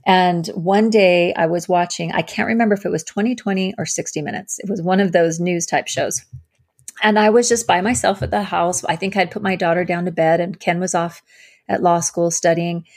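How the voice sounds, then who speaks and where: A woman sharing her personal story as an interview guest, earnest and halting, with many fillers and restarts. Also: on the low side, steady tone, a little mellow. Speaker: guest, survivor advocate.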